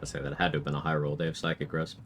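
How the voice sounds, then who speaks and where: A man's voice: extremely low pitch, little pitch movement, very fast, a bit bright. A man streaming a challenge run, explaining his tactics in a casual, matter-of-fact way as he plays. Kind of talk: casual live-stream gameplay commentary.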